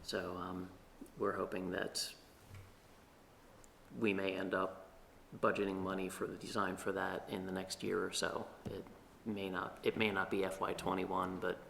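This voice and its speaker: A man on town staff giving a measured, hesitant meeting report in a meeting room, with many pauses. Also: deep voice, completely flat delivery, creaky, a bit bright, slight background noise.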